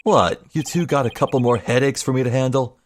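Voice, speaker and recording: A man voicing a brash, sleazy middle-aged TV producer with fast showbiz patter. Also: mid-range voice, a little hiss or hum, natural voice. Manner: fast-talking showbiz patter, drawn-out taunts.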